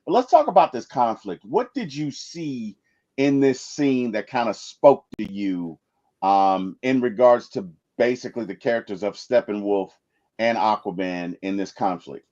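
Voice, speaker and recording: Animated man with a dull lo-fi sound. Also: on the low side, measured pace. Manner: animated, prompting questions, many fillers. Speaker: co-host of a movie review podcast. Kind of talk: casual conversational review.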